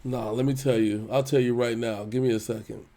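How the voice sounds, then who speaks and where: A man co-hosting a casual football talk show, exasperated and swearing freely, breaking into quick laughs. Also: mid-range voice, fairly even intonation, dark tone, slight background noise. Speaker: podcast co-host. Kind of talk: casual sports chat.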